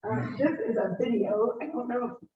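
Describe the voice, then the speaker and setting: A hoarse woman giving an upbeat, informal presentation to a group, explaining things step by step. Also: fairly high pitch, expressive, normal speed, background noise. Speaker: guest speaker. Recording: distant roomy dull meeting recording.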